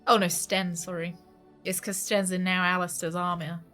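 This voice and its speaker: A woman streaming a game from home, chatting casually, laughing often and switching into a high baby voice for her dog. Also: level tone, moderate pace, fairly bright tone, soft background music. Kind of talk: casual live-stream chat.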